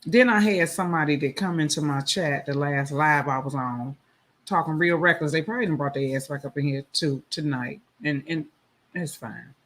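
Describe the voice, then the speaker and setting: A man's voice: fairly high pitch, normal speed, fairly bright tone. A man hosting a casual live stream, talking bluntly and with plenty of profanity, preaching to his viewers. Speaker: livestream host. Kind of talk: casual live-stream talk reacting to a song.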